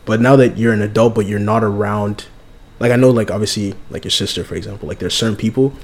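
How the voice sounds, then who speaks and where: A male podcast host asks curious questions in an easygoing, rambling way. His voice sits somewhat low. He talks casually with his guests. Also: fast. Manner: relaxed, curious questioning with many "like" fillers.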